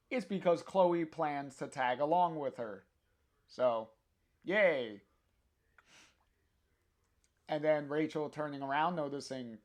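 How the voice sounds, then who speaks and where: Slow, chatty young man reading aloud. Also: a little high. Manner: chatty, laughs often, full of fillers and restarts. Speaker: comic reader on a livestream. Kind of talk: casual live reading and commentary.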